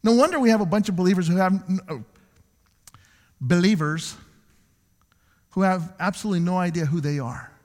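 A man's voice: high voice, moderate pace, long pauses. A pastor preaching a sermon to his church, acting out the people he quotes. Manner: animated preaching, acts out quoted voices. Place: church sanctuary. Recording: long church hall reverb.

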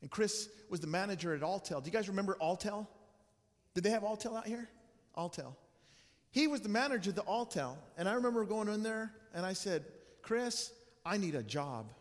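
A man's voice: sits high, fairly quick. A male pastor preaching a sermon, telling a personal story in an earnest, conversational way with frequent restarts. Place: church sanctuary. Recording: long church hall reverb.

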